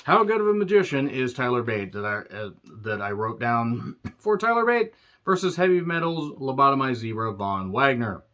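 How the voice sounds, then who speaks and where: A man's voice: mid-range voice, sing-song, normal speed, a bit bright. A man in a mid-range voice rants through a wrestling show recap, sarcastic and exasperated, swearing as he goes. The sound is dull and lo-fi, like a home mic. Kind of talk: ranting show review.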